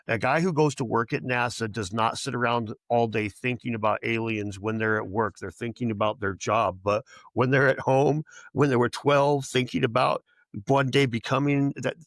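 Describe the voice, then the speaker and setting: A man's voice: mid-range voice, fairly even intonation, moderate pace, fairly bright tone, dry recording. A man speaking as a podcast guest in casual chat, rambling and profane, with many restarts and quoted voices for other people.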